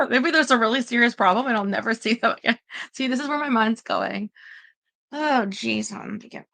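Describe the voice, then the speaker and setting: A woman's voice: a little high, normal speed, creaky, a bit bright. A woman rambling anxiously in casual livestream chat, talking straight to her viewers.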